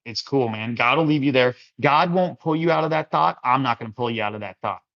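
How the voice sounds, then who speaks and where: A man's voice: mid-range voice, fairly quick. A man hosting a casual Christian livestream chat, answering viewer comments in a rambling, easygoing way and calling listeners his friends and brothers. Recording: dull lo-fi sound.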